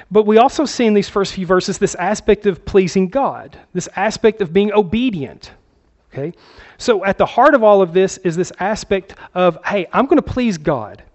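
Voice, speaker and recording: Male pastor, conversational sermon delivery with frequent check-ins, fairly high voice, muffled recording. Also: a little mellow. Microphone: handheld microphone.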